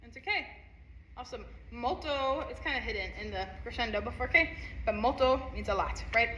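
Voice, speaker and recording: Woman, upbeat music teacher, counts and sings rhythms, bright tone, echoey room. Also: fairly high pitch, fairly quick, slight background noise. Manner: upbeat, encouraging. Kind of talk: instrument lesson walkthrough. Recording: echoey room, faint ambience.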